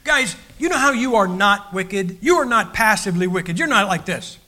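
A man's voice: sits high, very animated, normal speed, hardly any pauses, pushed and bright. An older man, preaching a sermon in a folksy, joking style with many restarts. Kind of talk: sermon with humorous stories.

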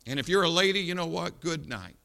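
A middle-aged male pastor, preaching a fiery sermon in a blunt, scolding way, swinging from shouts to low asides in a church auditorium. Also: animated, fairly quick, gravelly.

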